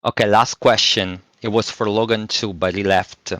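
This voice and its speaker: A man's voice: on the low side, fairly even intonation, moderate pace, no room sound. A man chatting affectionately with a friend, asking questions and laughing easily. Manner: warm, affectionate, laughs a lot. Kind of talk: casual chat.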